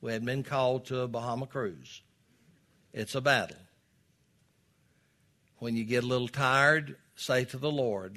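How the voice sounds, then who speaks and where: A man preaching a sermon, swinging between loud emphatic peaks and low, quiet asides. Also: unhurried, long pauses. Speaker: pastor.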